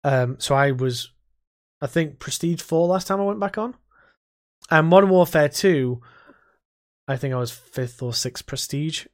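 A man's voice: on the high side, a little slow, pauses often. A man co-hosting a podcast in casual gaming chat, rambling and swearing heavily as he tells his stories. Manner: rambling, heavy swearing, animated storytelling. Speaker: podcast co-host.

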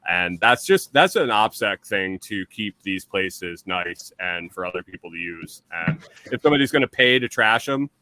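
A man's voice: low-pitched, lively intonation, moderate pace, hardly any pauses, bright, forceful tone, no room sound, low-quality recording. A man appearing as a guest on a podcast, chatting in a laid-back, rambling way with some swearing. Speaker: guest, full-time RVer channel creator. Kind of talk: casual conversation.

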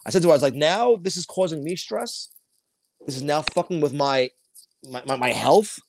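A man's voice: a little high, a little fast, gravelly, a little mellow. A man, co-hosting a podcast and telling rambling, profane stories in casual chat. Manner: rambling storytelling with heavy swearing. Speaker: podcast co-host.

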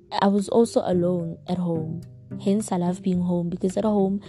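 A woman's voice: fairly low pitch, warm tone, poor audio. A young woman, talking through a personal podcast in a heartfelt, reflective and openly emotional way. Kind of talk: casual personal podcast monologue. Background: guitar music.

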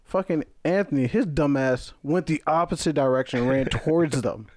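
A man's voice: on the high side, moderate pace, no room sound, studio quality. A young man, a podcast guest telling a story in casual chat, swearing freely and acting out what people said. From Brooklyn, New York. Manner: animated, profane, acts out quoted voices.

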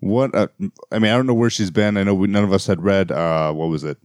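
A man's voice: sits low, fairly even intonation, darkish tone, dry recording, clean studio sound. A man co-hosting a podcast in casual chat, joking easily and sometimes fumbling for words. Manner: easygoing, joking, a bit halting. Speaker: podcast co-host.

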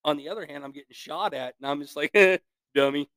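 A man's voice: fairly high pitch, fast, sharp tone, no echo. A man in his thirties, a podcast guest telling war stories in casual chat, swearing freely and acting out what others said. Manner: profane, laughing storyteller who acts out quotes. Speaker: podcast guest, equipment operator.

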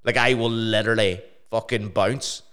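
A man's voice: steady tone, normal speed, a bit bright, smooth. A young man telling stories and swearing casually on a podcast. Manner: swears freely, storytelling in a low mumble. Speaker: podcast co-host, DJ.

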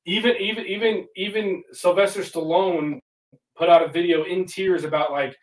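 A man's voice: high voice, fairly even intonation, moderate pace. A man co-hosting a casual sports podcast, rambling with many fillers and restarts. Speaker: podcast co-host. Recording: roomy, distant mic.

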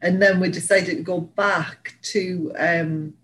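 A woman's voice: fairly low pitch, fairly even intonation, slow, fairly bright tone, a little hiss or hum, low-quality recording. A woman from England, co-hosting a casual chat and rambling through stories with lots of fillers and laughs. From Northeast England. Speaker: podcast co-host.

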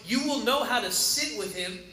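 A man pastor giving an emotional sermon, swinging from loud cries to soft, low passages, in a church. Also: lively intonation, normal speed. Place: church sanctuary. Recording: roomy church hall.

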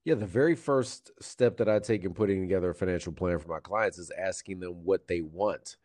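A man with a fairly low, mellow voice talks as a guest advisor. He explains things steadily and patiently, with the odd filler and restart. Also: brisk. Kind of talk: explanatory interview answers.

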